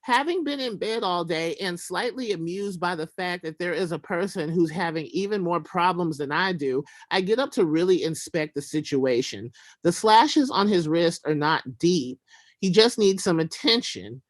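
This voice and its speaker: A man reading his own prose aloud in a wry, deadpan way. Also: high-pitched, moderate pace, no echo. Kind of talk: literary reading.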